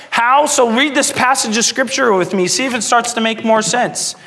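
Male pastor, higher-pitched voice, preaching with raw emotion, dropping to near whispers then lifting high. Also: moderate pace, few pauses. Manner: emotional, swings between hushed and soaring. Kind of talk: sermon.

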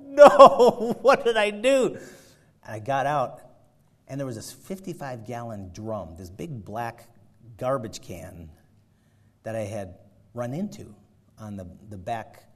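A man preaching a sermon, telling a personal story with animated, laughing retellings before building to loud exhortation. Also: medium pitch. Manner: animated storytelling, acts out his own panic with laughter.

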